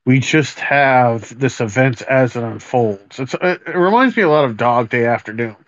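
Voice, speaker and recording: A man's voice: mid-range voice, expressive, normal speed, fairly bright tone, dry recording. Hesitant man on a dull, dry recording. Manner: thoughtful, hesitant, many ums. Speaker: podcast co-host. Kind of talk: casual conversation about poetry.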